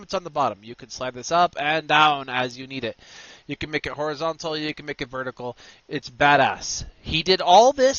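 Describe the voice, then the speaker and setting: A man hosting a screen-recorded software tutorial, walking through steps with energetic, punchy instructions. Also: a little high, dry recording, dull audio. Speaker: tutorial host.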